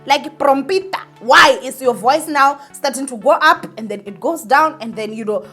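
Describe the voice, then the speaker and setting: A woman's voice: high voice, moderate pace, hardly any pauses, pushed and bright, slightly rough, soft background music. A woman giving an opinionated vlog commentary, ranting indignantly and speaking straight to her viewers. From South Africa. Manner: emphatic, repeats points, many fillers. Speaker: entertainment vlogger.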